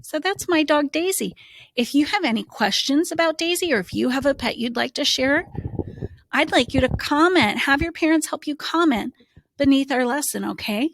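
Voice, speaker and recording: A woman who teaches reading, giving a slow, encouraging phonics lesson to young children and sounding out letters. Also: sits high, lively intonation, fairly bright tone, no room sound.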